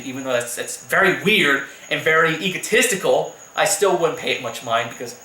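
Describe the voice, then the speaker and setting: A man's voice: on the high side, expressive, a little fast, hardly any pauses, sharp tone, roomy sound, low-quality recording. A man delivering a heated, profanity-laced rant as a YouTube commentator, repeating himself for emphasis. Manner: heated, profane, repetitive ranting. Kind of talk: angry rant vlog.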